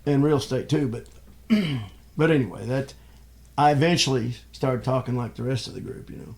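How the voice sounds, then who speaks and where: An older man talks in an easy, rambling way and keeps restarting his sentences. His voice is gravelly, with a lot of fry in it. He is a guest on a relaxed podcast. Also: medium pitch, normal speed. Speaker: guest, father of the host. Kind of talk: casual chat.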